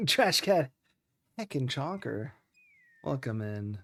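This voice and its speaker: A man's voice: medium pitch, big pitch swings, slow, long pauses, fairly bright tone. A man streaming a game live, chatting casually and poking fun at himself while thanking viewers.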